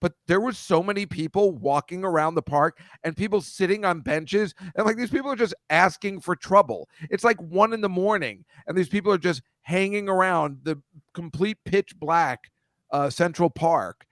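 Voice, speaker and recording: A man's voice: high voice, moderate pace, a bit bright, dry recording. A man chatting as a guest on a podcast, rambling and self-deprecating, speeding up when he gets going. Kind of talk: casual chat.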